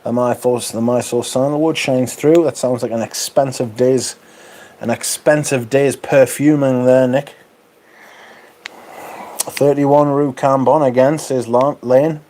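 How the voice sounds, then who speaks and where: A man's voice: mid-range voice, fairly even intonation, unhurried, dark tone. Northern English man chatting on a livestream. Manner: chatty, reading out viewer comments with dry banter. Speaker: livestream host. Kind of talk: casual livestream chat.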